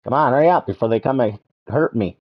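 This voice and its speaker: A man's voice: medium pitch, expressive, quick pace, close to an everyday voice. A man voicing a small, cheeky game dinosaur that teases bigger predators in a sing-song way. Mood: teasing. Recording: dull lo-fi sound.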